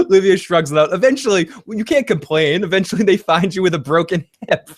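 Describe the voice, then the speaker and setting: Man, recap co-host, slightly high voice, lively and laughing, acts out lines. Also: fairly quick. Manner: animated, laughs often, acts out quotes. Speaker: podcast co-host. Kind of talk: casual recap chat.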